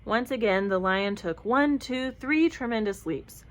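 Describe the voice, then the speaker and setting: A woman reading a children's picture book aloud in an expressive, even-paced narration. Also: fairly high pitch, measured pace, rough recording. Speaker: storyteller. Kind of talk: storybook read-aloud.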